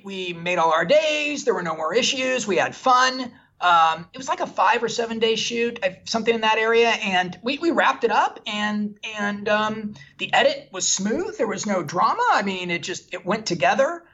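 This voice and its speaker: Husky man telling a candid story. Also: sits high, animated, normal speed, bright, forceful tone, highs cut off. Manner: self-deprecating, candid storyteller. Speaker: film director guest. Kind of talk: animated anecdotal storytelling.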